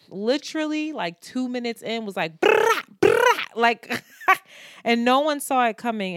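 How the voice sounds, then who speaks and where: A woman co-hosting a podcast, telling stories in an animated, joking way and laughing often. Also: mid-range voice, clear, resonant tone, no echo, studio quality. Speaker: podcast co-host. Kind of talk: casual chat.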